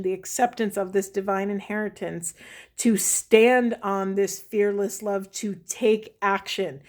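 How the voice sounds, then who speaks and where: A woman's voice: mid-range voice, darkish tone. A woman reading tarot cards and musing aloud about their spiritual messages, often stopping to restart her sentences. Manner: thinking aloud, halting restarts. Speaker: tarot card reader.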